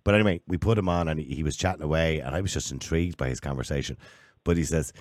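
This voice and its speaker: Fast-talking low-voiced radio host. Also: male voice, no echo, studio quality. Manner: brisk, chatty, steers the conversation. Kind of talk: talk radio discussion.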